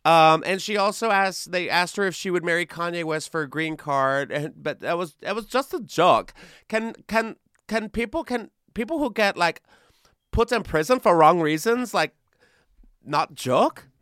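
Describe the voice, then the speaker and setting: A man's voice: sits high, moderate pace, fairly bright tone, smooth, no echo, studio quality. A man hosting a comedy news podcast, chatting casually and sarcastically, often breaking into laughter. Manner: sarcastic, laughing, mocking voices. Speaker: podcast host.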